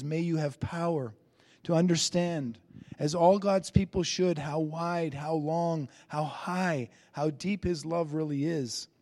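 Male pastor, slightly high voice, earnest sermon delivery, long hall reverb. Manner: earnest preaching, rises on key phrases, drops to soft endings.

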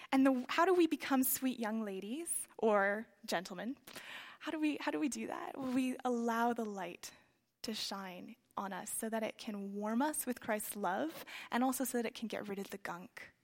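A woman preaching a sermon in a conversational, reflective way, with soft trailing phrases and frequent fillers. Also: medium pitch. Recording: long reverb of a large hall.

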